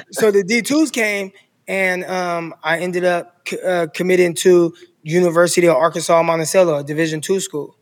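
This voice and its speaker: Animated man telling a story, echoey. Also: high voice, moderate pace. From Stockton, California. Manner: animated storyteller who acts out coaches' voices. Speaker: podcast guest, former football player. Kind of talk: casual storytelling.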